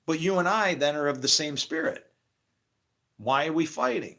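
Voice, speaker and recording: Animated man rambling about faith. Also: fairly high pitch, moderate pace, gravelly. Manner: swears freely, acts out imagined dialogue, laughs often. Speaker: spiritual speaker. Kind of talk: rambling casual monologue.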